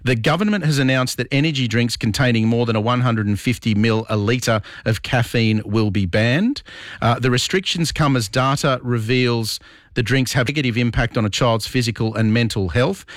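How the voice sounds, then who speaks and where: An Australian man hosts talkback radio, his voice sitting at an ordinary middle pitch. He talks bluntly and with firm opinions, picking apart listeners' messages. The studio sound is dry and close, with no room echo. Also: normal speed. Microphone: broadcast studio mic.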